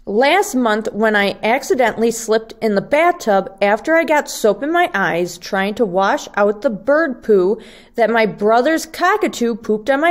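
A woman voicing an upset little boy who rattles off his complaints in rushed run-on sentences, reading a children's book aloud. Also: fairly high pitch.

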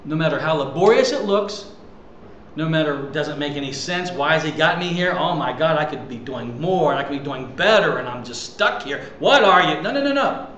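Pastor, male, higher-pitched voice, emphatic conversational sermon delivery, reverberant church room. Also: expressive, normal speed, fairly bright tone, a little hiss or hum. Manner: emphatic, conversational preaching with rhetorical questions. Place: church sanctuary.

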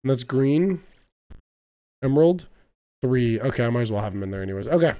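A man's voice: mid-range voice, animated, brisk, mellow, clear, resonant tone. A young man giving casual let's-play commentary, thinking aloud and stumbling over game words. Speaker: gaming video creator.

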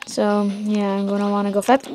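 A teenage girl hosting gameplay commentary from home, rambling excitedly and trash-talking the game. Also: mid-range voice, a little fast, faint music behind. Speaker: let's play host.

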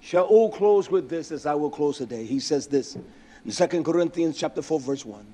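Man preaching a sermon, kinda high voice, goes from quiet mumbling to loud fired-up bits, lots of "doesn't he?". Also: lively intonation, husky. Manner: swings from low murmuring to raised, fervent preaching; rhetorical questions, drawn-out emphatic words.

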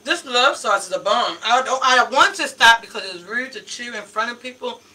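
A woman's voice: fairly high pitch, animated, moderate pace, sharp tone, distant mic, low-quality recording. A woman radio host, chatting live and laughing a lot as she tastes food and greets listeners. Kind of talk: casual live tasting chat. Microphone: handheld mic.

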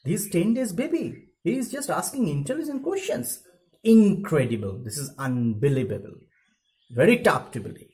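A man's voice: fairly high pitch, big pitch swings, moderate pace, darkish tone, poor audio. A male English teacher with an Indian accent, reading a story aloud and paraphrasing it for students, with frequent fillers. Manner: reads a passage aloud, then paraphrases with many fillers. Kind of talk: explaining a literature text in a recorded lesson.

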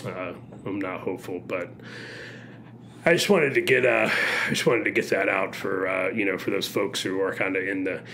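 Man, podcast co-host, very deep voice, earnest and halting, faint noise behind. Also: gravelly, fairly bright tone. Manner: earnest, halting, many fillers and restarts.

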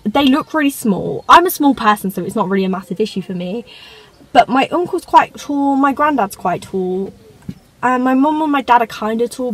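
Chatting from her parked car, a teenage female vlogger rambles through a casual car tour, dropping self-conscious asides. Her voice is on the high side and slightly rough, captured on poor audio.

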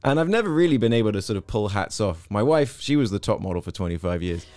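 A man's voice: fairly low pitch, quick pace, dry recording. A middle-aged man with an English accent, chatting animatedly as an interview guest and telling stories. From Hong Kong. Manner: animated storyteller, slips into quoted voices. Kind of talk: casual interview chat.

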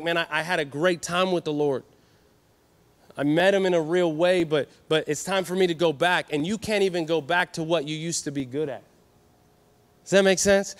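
A man from California preaching a sermon at a youth conference, energetic and calling for answers from the crowd. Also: high voice. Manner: energetic, call-and-response with the crowd. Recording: reverberant hall.

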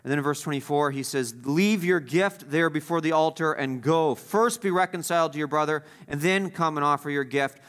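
Pastor, male, higher-pitched voice, emphatic sermon delivery, repeats phrases for stress, drops into quiet asides. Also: brisk, hardly any pauses. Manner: swings between loud stresses and quiet asides.

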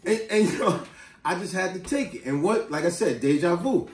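A man tells a story in an animated, slangy way, his fairly high voice swooping up and down a lot. The sound is roomy and echoing, with the mic set some way off. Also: normal speed, recorded from a distance. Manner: animated, street-slang storyteller who breaks into asides and acted quotes. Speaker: vlogger. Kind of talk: casual storytelling to camera.

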